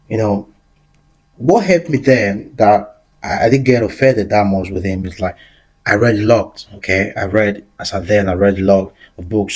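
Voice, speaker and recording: Husky-voiced man giving business advice. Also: fairly low pitch, darkish tone. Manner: earnest, storytelling, repeats phrases. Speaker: business podcast host. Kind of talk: motivational monologue.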